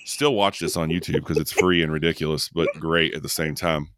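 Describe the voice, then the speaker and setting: A man hosting a casual horror movie podcast, animated and profane, often acting out characters in quick impressions. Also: very deep voice, dry recording, studio quality. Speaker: podcast host. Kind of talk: casual movie review chat.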